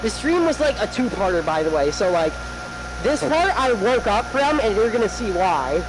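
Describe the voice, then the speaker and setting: A man's voice: high voice, big pitch swings, normal speed. A young man in casual chat telling a rambling story, swearing constantly and acting out quotes. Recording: noisy home recording.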